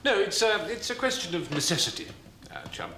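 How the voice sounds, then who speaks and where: An actor playing a prisoner officer posing as the camp commandant, with a dry, arch, clipped manner. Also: male voice, high voice, huge pitch swings, brisk, vocal fry, bright, forceful tone, reverberant, a little hiss or hum, heavily acted. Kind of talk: 1990s TV comedy film.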